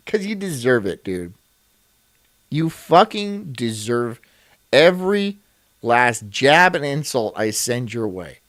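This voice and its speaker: A man's voice: medium pitch, very animated, takes it slowly, fairly bright tone, no echo. A man streaming, reacting to a video in rambling, crude and self-mocking casual chat.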